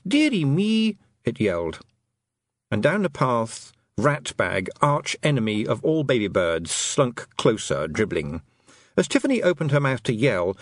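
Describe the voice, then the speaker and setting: A man narrating a story in an audiobook, expressive and lively. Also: medium pitch, slightly rough, no echo, clean studio sound.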